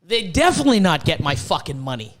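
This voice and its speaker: A man's voice: on the high side, very animated, fast. A man hosting a podcast, ranting in a worked-up, profane way, with stammered restarts and repeated words. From Canada. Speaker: podcast host. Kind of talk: casual ranting podcast talk.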